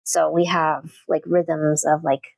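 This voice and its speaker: A woman's voice: on the low side, measured pace, gravelly, darkish tone, dry recording. A woman who teaches literature, chatting thoughtfully in an interview with plenty of fillers and restarts. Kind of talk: casual interview talk.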